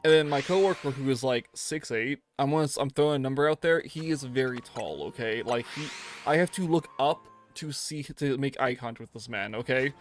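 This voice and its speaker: Young man, game streamer, loose slangy rambling, soft music underneath. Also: medium pitch, a little fast. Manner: rambling, animated storytelling with slang. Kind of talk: casual livestream chat.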